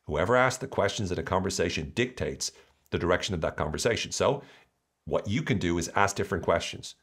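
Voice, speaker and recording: A man hosts a motivational podcast in a fairly low voice. His pitch rises and falls a lot. He talks playfully and keeps slipping into little acted-out voices. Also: a little fast, husky. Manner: animated, playful, acts out voices. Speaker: podcast host.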